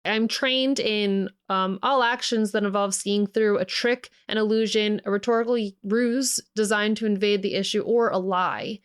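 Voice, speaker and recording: A woman's voice: medium pitch, fairly even intonation, moderate pace, hardly any pauses, clean tone. A woman playing in a tabletop role-playing game, describing her character in a thoughtful way. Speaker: player. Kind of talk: tabletop role-play chat.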